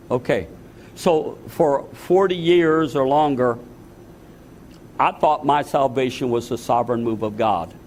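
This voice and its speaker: A man's voice: mid-range voice, darkish tone, a little hiss or hum. A man in his sixties, a pastor, giving an earnest, emotional testimony sermon in a church, repeating phrases for emphasis. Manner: earnest, repetitive, emotional storytelling.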